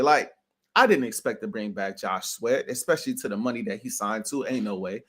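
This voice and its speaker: Here the co-host of a sports podcast has a lower voice and talks fairly quickly. His chat is casual and slang-heavy, full of "bro," with strong opinions he states emphatically and with plenty of energy.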